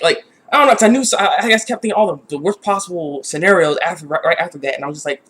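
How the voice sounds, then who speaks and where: A man's voice: sits high, animated, rapid-fire, hardly any pauses, fairly bright tone. A man casually reviewing an anime episode, rambling with many restarts and sounding exasperated.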